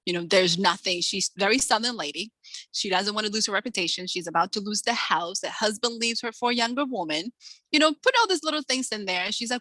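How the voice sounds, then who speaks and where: A woman in her forties, an author, chatting in an interview and acting out quotes from her stories with lively energy. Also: mid-range voice, fast, no room sound, rough recording. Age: 40s. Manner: animated storyteller acting out quotes. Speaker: author, guest. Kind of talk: casual interview chat.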